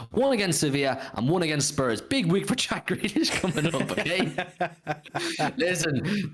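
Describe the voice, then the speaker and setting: A man hosting a casual football fan livestream, reading out viewers' comments and swearing now and then. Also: mid-range voice. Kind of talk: casual live-stream chat.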